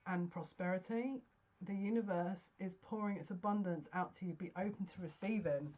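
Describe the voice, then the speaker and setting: A woman with a lowish voice chats through a tarot card reading, excitable and breathless. Faint background hiss sits under her words. The recording is dull and lo-fi, as if made at home. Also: normal speed. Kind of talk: casual psychic card reading.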